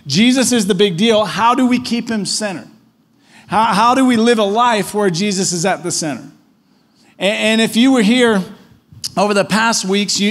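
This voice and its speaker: A man preaching a conversational sermon as pastor in church, telling stories casually and often tagging on questions. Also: high-pitched. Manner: casual storytelling, frequent tag questions.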